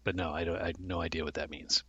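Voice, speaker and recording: Hesitant deep-voiced podcast man. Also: flat delivery, fast talker, fairly bright tone, breathy edge, muffled recording. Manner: hesitant, many fillers and restarts, self-deprecating. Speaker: podcast co-host. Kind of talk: casual chat.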